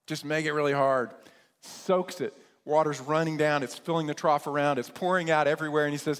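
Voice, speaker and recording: Pastor, male, fairly high voice, lively casual storyteller preaching in a hall with long reverb. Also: a little fast, clear, resonant tone. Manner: lively storytelling, retells scripture in casual modern terms. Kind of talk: sermon.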